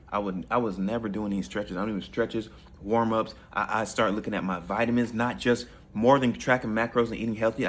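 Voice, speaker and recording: A man's voice: fairly low pitch, a little hiss or hum. A man coaching his listeners through a motivational monologue, preachy and repetitive, calling them fellas. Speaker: self-improvement coach.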